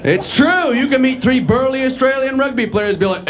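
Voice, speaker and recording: A man doing a stand-up comedy set on a club stage, lively and quick to slip into silly accents. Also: very high-pitched, some chatter behind. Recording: dull lo-fi live club recording. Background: audience laughter and room noise.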